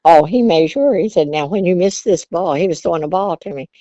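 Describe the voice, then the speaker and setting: An older woman with a low voice, a grandmother from Virginia telling stories about her childhood. She talks in a chatty, homespun way and laughs often. The sound is dry and a little dull. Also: a little fast, mellow, no echo. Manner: chatty, laughs often, Southern turns of phrase. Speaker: interview guest, grandmother. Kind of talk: casual storytelling.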